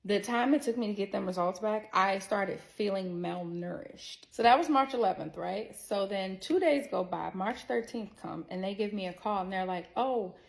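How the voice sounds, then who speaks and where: A woman telling a personal story to her viewers in a candid, animated way, swearing freely as she goes. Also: medium pitch, normal speed, gravelly, hardly any pauses, low-quality recording. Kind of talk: casual storytelling to camera.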